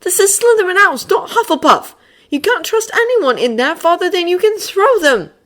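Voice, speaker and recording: A woman voicing a sharp-tongued, exasperated schoolboy wizard who groans and deadpans. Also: very high voice, expressive, normal speed, pitched above the performer's own voice. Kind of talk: fan audiobook character voice.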